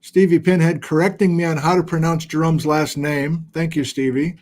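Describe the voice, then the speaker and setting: A middle-aged man with a slightly high voice hosts a casual livestream from a home studio. He chats loosely and pokes fun at himself while reading out viewer locations. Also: little pitch movement, moderate pace, a little mellow. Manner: chatty, self-deprecating, reads viewer locations aloud. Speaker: livestream host. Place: home studio with document camera.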